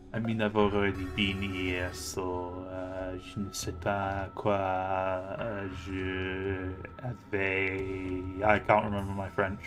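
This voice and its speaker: Deep, monotone, and slow, this man streams a story game with faint music behind him. He reads out the narration and breaks off to chat about it and react.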